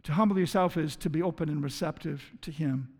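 A man with a notably high voice preaches a sermon to his church. He speaks earnestly, often tripping over and repeating words before pressing on. A long hall reverb trails every phrase. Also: a little fast, darkish tone. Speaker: pastor.

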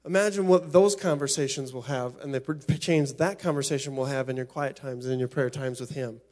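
A man's voice: mid-range voice, a little fast, a little mellow. A middle-aged man preaching a sermon as pastor, impassioned, often repeating and restarting his phrases.

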